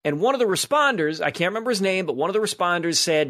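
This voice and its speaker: A man's voice: sits high, expressive, very fast, few pauses, fairly bright tone. A man co-hosting a podcast, telling long rambling anecdotes with plenty of fillers. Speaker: podcast co-host. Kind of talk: casual sports chat, storytelling.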